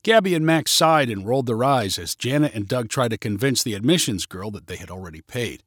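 Expressive male storyteller, dry sound. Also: mid-range voice, a little fast, dry recording. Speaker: narrator. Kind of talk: scripted story narration.

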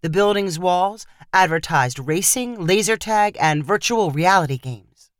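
A woman reading a story aloud as narrator in a steady storytelling manner. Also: on the low side, measured pace, no echo, clean studio sound. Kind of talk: scripted narration.

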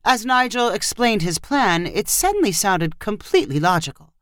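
A woman reads a short story aloud, her pitch lively and rising and falling across each sentence. The sound is dry and close, with no room around her voice. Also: moderate pace, dry recording. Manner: expressive storytelling. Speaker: narrator. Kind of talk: audio fiction narration.

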